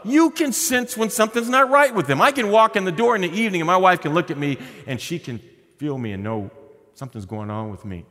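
A middle-aged male pastor preaching a sermon in a conversational, humorous way, often dropping to a quiet voice. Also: on the high side, big-room sound.

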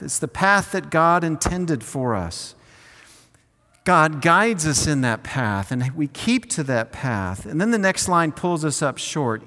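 A man preaching a sermon in an earnest way, slowing down on key phrases and leading the congregation to repeat lines after him. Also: a little high, fairly bright tone, in a large hall. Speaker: pastor.

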